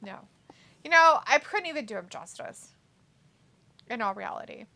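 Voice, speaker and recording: A woman's voice: on the high side, animated, moderate pace, sharp tone. A woman co-hosting a casual wrestling watch-along live stream, chatting and reading viewer messages aloud in a jokey way.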